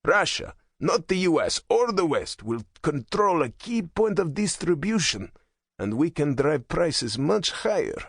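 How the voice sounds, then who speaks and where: A man narrating an audiobook voices a fervent hardline male politician, raspy, harsh and impassioned. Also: fairly high pitch, very animated, a little slow, fairly bright tone, no echo, clean studio sound, pitched above the performer's own voice, exaggerated voice. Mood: scheming. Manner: impassioned, intense.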